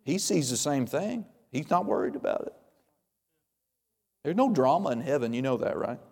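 A pastor preaching a sermon, telling stories and acting out the voices of the people in them, with emphatic delivery. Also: male voice, medium pitch, big pitch swings, normal speed, creaky, darkish tone, long reverb tail. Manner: storytelling, acts out quoted voices, emphatic.

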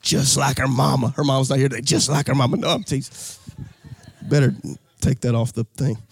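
A man preaching a live sermon as pastor, animated and folksy, breaking into shouts and a sing-song cadence. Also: medium pitch, brisk, creaky, slightly rough. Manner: folksy, jokes with the crowd, repeats phrases.

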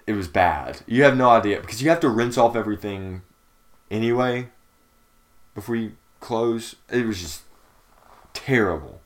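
A man's voice: lowish voice, animated, normal speed, pauses often. Young man rambling through a story. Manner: rambling storyteller, many fillers. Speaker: podcast co-host. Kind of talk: casual chat.

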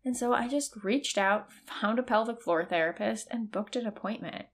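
A woman's voice: on the high side, normal speed. A woman in her thirties telling a personal story in a casual, candid way, full of "like" fillers and the odd swear word. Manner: chatty, frequent "like" fillers, candid with swearing and laughs.

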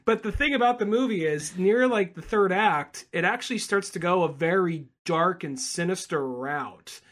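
A man co-hosting a podcast, chatting casually, swearing and acting out quick movie quotes. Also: high-pitched, lively intonation, fairly bright tone. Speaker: podcast co-host.

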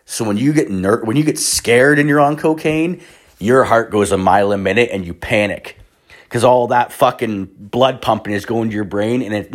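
Swearing man telling a rambling story. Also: on the low side. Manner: rambling, heavy swearing, filler-laden. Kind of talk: casual profane storytelling.

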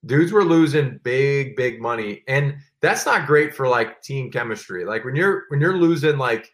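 Man, 30s, former football player, guest, casual storytelling, filler-heavy, animated, mid pitch. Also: moderate pace.

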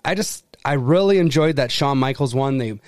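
A man's voice: medium pitch, expressive, fairly quick, darkish tone, dry recording, clean studio sound. A man co-hosting a podcast, chatting casually and animatedly, swearing freely with lots of fillers. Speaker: podcast co-host. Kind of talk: casual chat.

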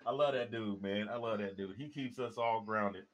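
A man hosts a podcast in a loose, talkative way. His delivery is animated and full of jokes, and he often laughs between lines. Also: lowish voice, normal speed, highs cut off. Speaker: podcast host. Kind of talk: casual chat.

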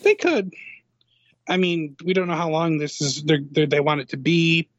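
A man's voice: fairly high pitch, fairly even intonation, moderate pace, dry recording, muffled recording. Wry man in casual chat. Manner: wry, joking asides. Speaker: podcast co-host.

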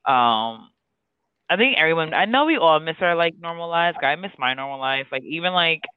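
A man's voice: a little high, animated, normal speed, smooth, dry recording. A man co-hosting a podcast in casual chat, rambling with lots of fillers. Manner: rambling, filler-heavy, breaks into sung lines. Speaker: podcast co-host. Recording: tinny phone-like sound.

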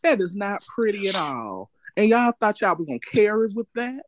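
A man's voice: high-pitched, very animated, moderate pace, no echo. A man co-hosting a casual group chat, joking and riffing. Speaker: podcast co-host.

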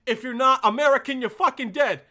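A man voicing a cruel male dictator who shouts threats at the people. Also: extremely high pitch, fairly quick, voice pushed up, heavily acted. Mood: menacing. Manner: shouting, menacing.

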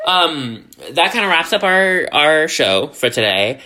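A man's voice: on the high side, big pitch swings, unhurried, sharp tone. A man from the American South hosting a casual podcast, laid-back and self-deprecating as he jokes with his co-host. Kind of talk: casual chat.

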